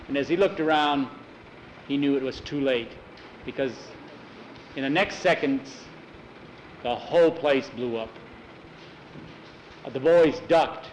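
A man's voice: mid-range voice, a little hiss or hum, low-quality recording. A man telling an adventure story aloud in a plain spoken way, with some restarts. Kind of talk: dramatic oral storytelling.

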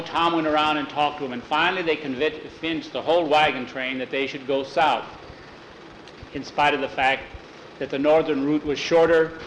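A man spinning a frontier yarn in a folksy, unhurried storytelling manner. His voice sits a little high and rings around an echoey room. A faint hum lies under the recording. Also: a bit bright. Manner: homespun, leans on repeated "he says" and "finally". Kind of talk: oral storytelling.

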